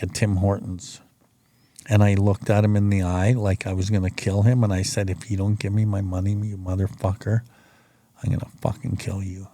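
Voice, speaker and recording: A man's voice: deep voice, warm tone, no room sound. A middle-aged man hosting a recovery podcast, telling his story in a rambling, profane, plain-spoken way. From Canada. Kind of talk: casual storytelling.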